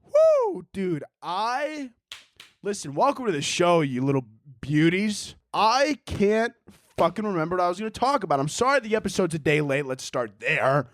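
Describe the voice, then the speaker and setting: Animated high-voiced podcast host. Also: male voice, normal speed, no room sound. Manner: animated, profane, laughs often, acts out both sides of a story. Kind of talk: casual solo podcast storytelling.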